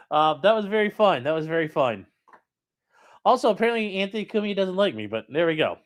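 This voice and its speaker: A man's voice: fairly high pitch, big pitch swings, fast talker. A young man hosting a casual call-in livestream from a room at home, rambling and joking while reading chat aloud. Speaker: call-in show host.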